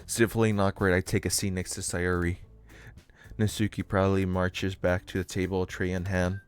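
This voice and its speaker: A man's voice: low voice, level tone, moderate pace, clean tone, faint music behind. A man streaming a visual novel, reading it aloud with joking, swearing asides.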